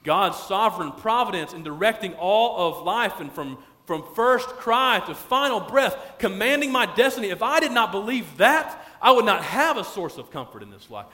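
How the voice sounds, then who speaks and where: A man preaching a sermon as pastor, stretching key phrases out slowly for emphasis. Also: sits high, very animated, pushed and bright, big-room sound.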